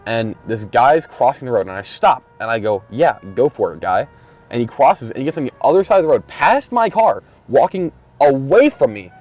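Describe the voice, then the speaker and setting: A man's voice: medium pitch, sing-song, fairly quick, hardly any pauses, a little mellow, faint music behind. A man hosting a casual solo podcast from his car, rambling and mumbling, with frequent swearing. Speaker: podcast host. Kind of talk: casual solo chat while driving.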